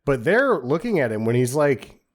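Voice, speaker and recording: A man co-hosting a comedy podcast about bad films, dry and sarcastic. His voice is of middling pitch and moves around a lot as he talks. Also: sing-song, moderate pace. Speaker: podcast co-host. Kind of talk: casual comedic film review.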